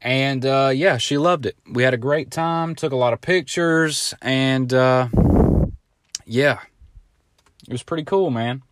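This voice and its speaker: A man's voice: mid-range voice, unhurried, fairly bright tone. A man in his thirties hosting a casual solo podcast, telling stories in a rambling way, swearing freely and acting out other people's lines in quotes. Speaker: podcast host. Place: home, now living in Southern California.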